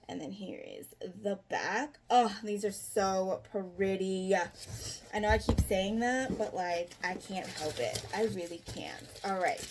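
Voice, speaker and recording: A young woman vlogging an unboxing, gushing and breathless with excitement, repeating herself. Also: medium pitch. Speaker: book vlogger.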